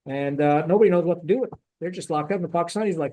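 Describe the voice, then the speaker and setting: A man's voice: a little high, racing. A man, a former Marine officer, telling war stories in a casual interview with blunt, salty language. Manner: blunt, salty, animated storytelling.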